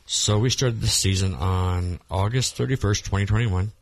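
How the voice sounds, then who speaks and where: Low gravelly dude rambling on a podcast, lots of ums and restarts, dry close sound. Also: male voice, normal speed, no echo. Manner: rambling, many restarts and fillers. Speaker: podcast co-host. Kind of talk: casual chat.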